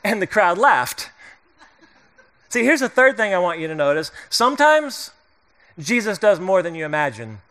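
A man's voice: high-pitched, sing-song, moderate pace, long pauses, pushed and bright. A middle-aged male pastor preaching a sermon in a conversational, joking way, acting out the voices of the people in the story.

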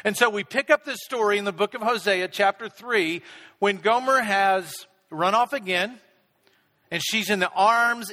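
In a large hall with long reverb, a middle-aged pastor's high, bright voice rings out. His sermon centers on a self-deprecating story told in an easygoing, conversational way.

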